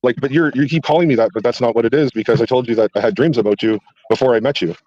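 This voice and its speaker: A man's voice: mid-range voice, very fast, darkish tone, no echo. A man calling in to a stream, talking in a rambling, pleading, hesitant way over dull lo-fi call audio. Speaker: caller on a stream. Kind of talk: call-in conversation.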